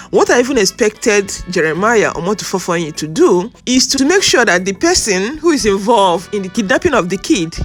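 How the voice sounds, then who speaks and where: Commentator, indignant and musing. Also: medium pitch. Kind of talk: casual commentary.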